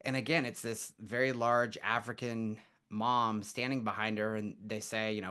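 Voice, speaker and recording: A man guest on a podcast, telling stories in a casual, animated way and acting out what people said. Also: fairly low pitch, normal speed, hardly any pauses, smooth. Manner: animated storyteller, acts out quotes. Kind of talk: casual storytelling interview.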